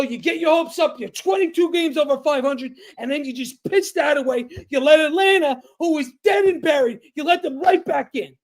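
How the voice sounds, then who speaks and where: A man co-hosting a sports podcast, ranting angrily, shouting and swearing a lot. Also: very high voice. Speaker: podcast co-host. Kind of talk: heated sports rant.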